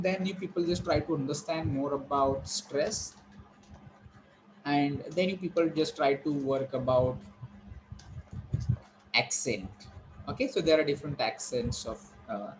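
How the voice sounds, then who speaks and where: A man teaching online, explaining slowly with frequent fillers and repetition. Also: on the high side, a little hiss or hum, low-quality recording. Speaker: English teacher. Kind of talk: online lecture to students.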